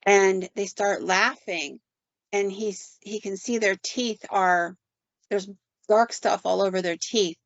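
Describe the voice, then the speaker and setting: A woman podcast host telling a story in an animated, conversational way, often quoting people with "like". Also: medium pitch, takes it slowly, dry recording. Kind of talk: casual storytelling. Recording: dull, dry sound.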